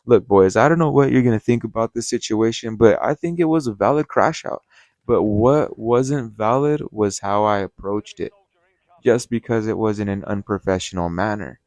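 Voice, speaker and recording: A man's voice: on the low side, moderate pace, dry recording. A young man telling a workplace story to camera in a casual vlog, profane and fired up, talking straight to his viewers. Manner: profane, heated, animated storytelling, addresses viewers as guys. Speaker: restaurant manager.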